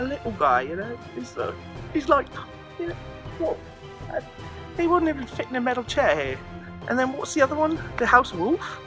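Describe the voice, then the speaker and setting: A man voicing a pompous, boastful male elk king who rambles and bosses his staff around in a comic monologue. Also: sits high. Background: faint background music.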